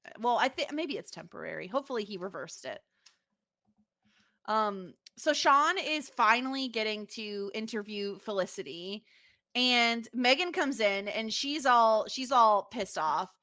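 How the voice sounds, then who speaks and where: A woman co-hosting a podcast in casual chat, excitable and quick to react. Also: fairly high pitch, no echo, studio quality. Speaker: podcast co-host.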